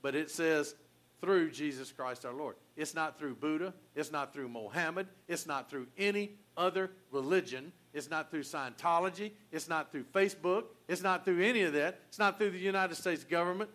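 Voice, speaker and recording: An older man preaching a sermon in an earnest, folksy way, often restarting his sentences and swinging from quiet to loud. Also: on the high side, moderate pace. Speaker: pastor.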